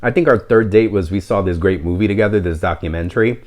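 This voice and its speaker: A middle-aged man from New tells a personal story in a relaxed monologue. His voice sits on the low side comes through as he rambles candidly with fillers. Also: fast talker. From New York City. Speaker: podcast host.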